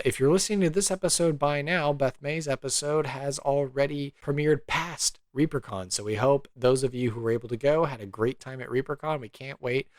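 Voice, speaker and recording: Easygoing podcast host. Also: male voice, mid-range voice, no room sound. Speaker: podcast host and game master. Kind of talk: casual interview and ad read.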